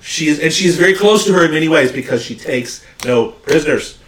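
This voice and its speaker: A man's voice: fairly high pitch, lively intonation, brisk, fairly bright tone. A man in casual podcast chat, agreeable and a bit stammering. He sounds set back from the mic. Noticeable echo surrounds his voice. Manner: chatty, agreeable, some stammering. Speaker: podcast co-host. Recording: roomy echo, distant mic.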